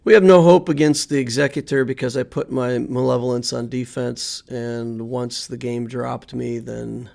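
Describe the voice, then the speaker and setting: A man's voice: medium pitch, fairly even intonation, moderate pace, vocal fry, few pauses, darkish tone. A man streaming a video game, commenting live and thinking aloud as he plays, often muttering to himself.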